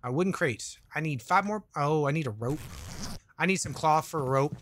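A man's voice: on the high side, expressive, moderate pace, a bit bright. A man streaming a game, rambling and joking in casual commentary while reading chat aloud. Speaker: gaming streamer.

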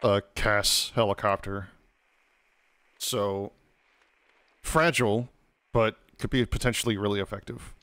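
A man streaming a team shooter game, casually explaining game details in a relaxed, chatty way on a headset. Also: lowish voice, unhurried, long pauses, no echo. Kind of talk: casual chat during gameplay.

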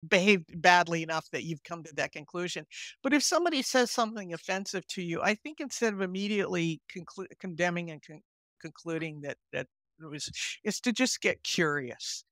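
A woman's voice: fairly low pitch, animated, brisk, a bit bright, no echo. An older woman psychotherapist speaks earnestly in a podcast interview. She tells her stories with animation and acts out the voices in them. Her voice is recorded close and dry, with no room sound. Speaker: guest psychotherapist.

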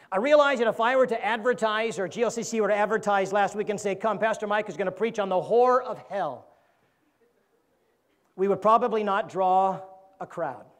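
An evangelist preacher with a high-sitting voice delivers a church sermon, telling a joke through animated character voices.

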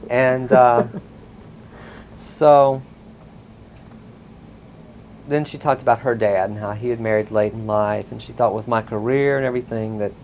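Guy from mississippi, gravelly voice, rambling chatty story with lots of ums. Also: medium pitch, fairly even intonation, a little slow, pauses often, a little mellow, slight background noise, poor audio. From Mississippi, USA. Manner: chatty, frequent ums and laughs. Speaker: interviewee. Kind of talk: casual storytelling interview.

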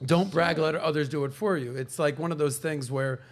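A man hosting a podcast, telling a story in a lively casual way and acting out the people in it. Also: on the high side, a little fast. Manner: animated storyteller, acts out quoted voices. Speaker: podcast host. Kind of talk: casual chat.

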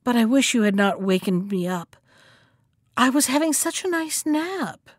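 A woman voicing a clever male monkey who talks with breezy, mocking calm in a storybook reading. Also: a little high, a little slow, no echo, clean studio sound. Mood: teasing.

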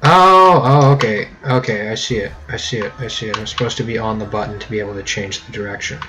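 A man giving casual gameplay commentary, rambling and self-mocking with sudden excited yelps. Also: fairly low pitch, quick pace, over music. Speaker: let's play gamer. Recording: keyboard clicks audible behind.

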